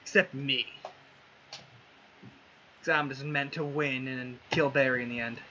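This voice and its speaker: A man streaming a game in casual chat with friends, excitable and given to yelling and swearing. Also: medium pitch, a little slow, dull audio, noisy background.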